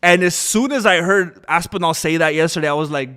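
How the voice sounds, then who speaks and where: A man's voice: a little high, a little fast, smooth. A man streaming live, arguing and ranting in casual commentary. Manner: animated, argumentative ranting.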